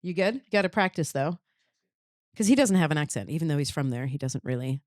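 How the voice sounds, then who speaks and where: Woman host in her thirties, faint Midwest vowels, lowish voice, dry close sound; chatty and anecdotal, full of restarts. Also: animated, fast, a little mellow, no echo. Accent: faint Upper Midwest. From Wisconsin, US Midwest. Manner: chatty, storytelling, many fillers and restarts. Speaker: podcast host. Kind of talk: casual chat.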